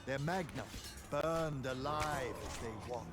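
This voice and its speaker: A solemn fantasy saga narrator, voiced by a man, speaks very slowly and gravely in a video game. His delivery is measured and weighty, and a loud score swells behind him. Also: mid-range voice, loud music behind the voice, close to an everyday voice. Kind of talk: scripted epic narration.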